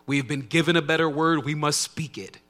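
A man preaching a conversational sermon to his congregation, swinging between soft asides and loud emphatic lines. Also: fairly high pitch, brisk. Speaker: pastor.

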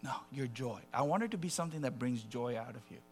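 A man preaching a sermon, animated and conversational, dropping to soft asides and rising to loud acted quotes. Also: medium pitch, fast, slight background noise.

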